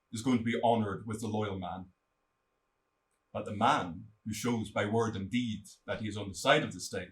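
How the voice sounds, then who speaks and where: An actor playing a stern male king who lays down the law, swinging from loud proclamations to cold, quiet threats in a stage-play delivery. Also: lowish voice, far from the mic, lightly acted.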